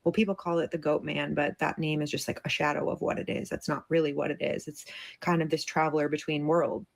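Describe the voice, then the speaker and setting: A woman putting on a mysterious older gambler, a man in his fifties who speaks quietly and solemnly with a fairly low voice. He sounds grave and measured in this spoken ghost story. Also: steady tone, gravelly. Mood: hushed.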